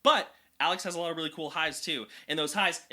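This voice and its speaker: A man talking casually as a vocal coach reacting to a song, chatty and excitable with lots of fillers. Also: a little high, slight background noise. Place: indoor room at home.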